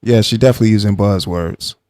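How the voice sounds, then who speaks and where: A man hosting a live reaction stream, arguing with a guest and then calmly explaining his side to the chat. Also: on the low side, quick pace, no echo, clean studio sound. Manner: argumentative, calm when explaining to chat.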